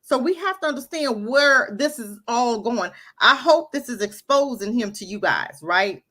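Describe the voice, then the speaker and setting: A woman co-hosting an online talk radio show, reacting to a clip with animated, emphatic indignation. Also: a little high, normal speed. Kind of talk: casual opinion talk, commenting on a played clip.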